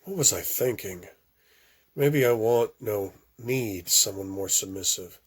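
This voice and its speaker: A man reading a first-person novel aloud, with occasional stumbles and restarts and phrases that drop off softly. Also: lowish voice, unhurried, breathy edge. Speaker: audiobook reader.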